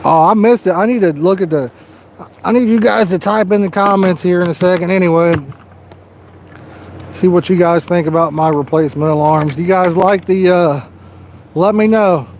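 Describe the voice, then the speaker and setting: A man with a Southern US accent chats through a casual fishing livestream, cracking corny one-liners in a folksy drawl. His voice sits fairly high for a man. A faint outdoor hum runs behind him. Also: normal speed, darkish tone. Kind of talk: casual live-stream chat. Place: outdoors by the water.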